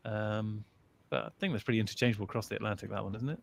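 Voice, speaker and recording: A man's voice: fairly low pitch, rapid-fire, gravelly, a little hiss or hum. A man with an English accent in casual chat, explaining British words and laughing often.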